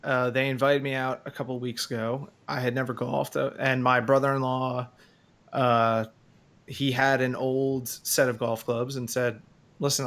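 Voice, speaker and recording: A man with a medium-pitched, slightly bright voice co-hosts a podcast. In casual chat he rambles, with plenty of fillers and restarts.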